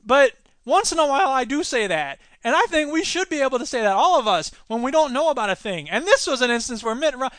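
A man hosting a solo commentary podcast, his voice pitched high and ringing bright. He talks in an animated, sarcastic way, tossing in quick asides. The sound is dry and close, with no room around it. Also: dry recording. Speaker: podcast host.

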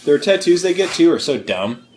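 A man with a voice pitched a little above the usual trades dry, wisecracking remarks while watching a movie with friends in a studio. A faint hiss sits under his casual talk. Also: very animated, normal speed, darkish tone. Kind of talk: casual movie commentary chat.

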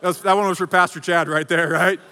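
A high-voiced, bright-sounding man preaches energetically to his congregation. He jokes and calls out to the crowd, and his voice carries a long hall reverb from a large church auditorium. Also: steady tone, brisk. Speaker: pastor. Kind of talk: sermon.

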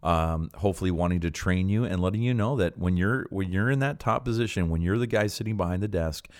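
A middle-aged man hosting a ministry podcast, talking earnestly and encouragingly, with many pauses and fillers. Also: low voice, no echo, clean studio sound. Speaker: podcast host, preacher. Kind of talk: casual podcast talk.

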